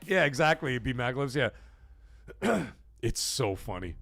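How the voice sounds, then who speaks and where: A man's voice: medium pitch, expressive, a little slow, a bit bright, no echo, faint music behind. A man hosting a casual livestream from a home game room, rambling, swearing, laughing often and reading chat aloud. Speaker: livestream host.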